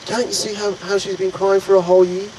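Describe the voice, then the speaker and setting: A man's voice: on the high side, steady tone, brisk, a little mellow, slight background noise, close to an everyday voice, rough recording. A man voicing a kindly, protective man in a retold story who urgently appeals for mercy. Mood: urging.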